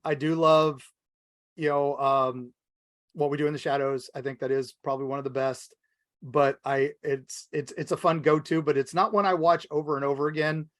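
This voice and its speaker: A man co-hosting a podcast in casual chat, rambling and animated as he retells movie scenes. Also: no echo, studio quality. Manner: rambling, animated, acts out movie lines in a high voice. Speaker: podcast co-host.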